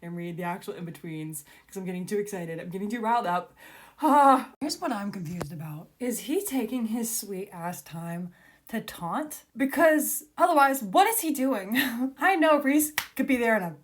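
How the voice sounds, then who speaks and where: A young woman reacting to a book as she reads, gushing and giggly, teary with excitement, exclaiming often. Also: on the high side. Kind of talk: excited reading reaction chat.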